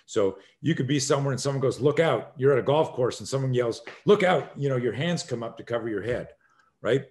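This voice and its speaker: An energetic man in his sixties, talking as a podcast guest at an ordinary mid-range pitch. He rambles through emphatic explanations and acts out little scenes, jumping into sudden shouted lines and swearing freely. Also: quick pace. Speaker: self-defense instructor, podcast guest. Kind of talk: animated conversational storytelling.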